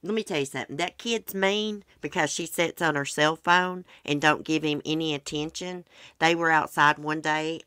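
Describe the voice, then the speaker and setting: A woman's voice: sits low, a bit bright, no echo, clean studio sound. A middle-aged woman, hosting her channel and telling folksy stories in casual chat. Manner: chatty, folksy storytelling. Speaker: channel host.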